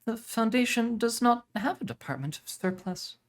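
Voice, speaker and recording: A man voicing a stiff, formal young woman who answers in a flat, precise way. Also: very high-pitched, normal speed, pitched above the performer's own voice.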